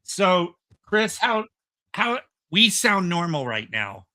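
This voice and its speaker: A male podcast host with a strikingly bright, keen, fairly high voice, recorded dry and close. He chats casually and rambles enthusiastically, full of fillers and restarts. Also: big pitch swings, takes it slowly, dry recording. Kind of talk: casual chat.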